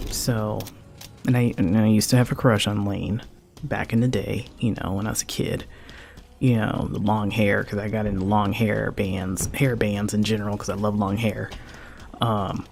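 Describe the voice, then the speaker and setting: A man's voice: fairly low pitch, steady tone, moderate pace, gravelly, a little mellow, slight background noise. A man in his forties streaming a game, rambling in a heartfelt way and dropping "man" and "like" often. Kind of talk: casual chat while gaming.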